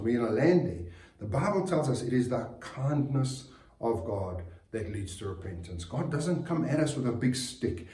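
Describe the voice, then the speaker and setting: A male pastor preaching an earnest sermon, repeating key phrases and letting his voice sink softly at the ends of lines. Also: mid-range voice. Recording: roomy, distant church recording.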